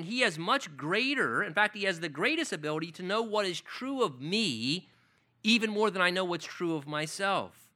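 A man's voice: high-pitched, lively intonation, moderate pace, pushed and bright. A male pastor preaching an earnest sermon, building to emphatic peaks and repeating key words.

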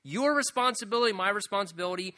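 A man's voice: high-pitched, expressive, fast talker, pushed and bright. A man preaching a sermon, earnestly explaining a psalm verse by verse and building to emphatic appeals. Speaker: pastor.

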